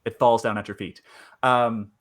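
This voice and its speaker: A man running a tabletop horror game as game master, narrating in a halting way with many fillers. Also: lowish voice, flat delivery, a bit bright.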